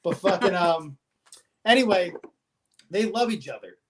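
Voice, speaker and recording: A man hosting a podcast, retelling an episode in casual chat with an animated, profane, storytelling manner. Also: high voice, a little slow. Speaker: podcast host.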